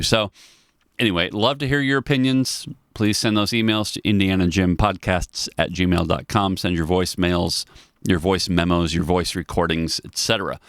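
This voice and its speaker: A man hosting a solo podcast, talking in a chatty, animated way and laughing often. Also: fairly low pitch, no echo, studio quality. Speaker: podcast host.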